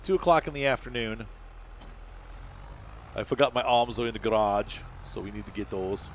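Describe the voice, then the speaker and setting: A gaming channel host with a lowish voice speaks at a moderate pace over slight background noise. In a casual let's-play, he chats, jokes and narrates each of his moves in the game.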